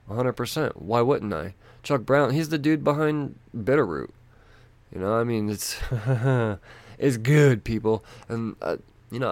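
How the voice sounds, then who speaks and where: Gravelly, rambling man. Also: on the low side, dry recording. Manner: rambling, loose and profane, thinking aloud. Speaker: comic book vlogger. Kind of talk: casual chat.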